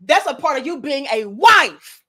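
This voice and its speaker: A young adult woman hosts her own commentary, delivering a blunt, profane, preachy rant. Her voice sits high for a woman, and her tone is bright and sharp. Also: very animated, measured pace. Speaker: commentary host. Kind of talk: ranting video commentary.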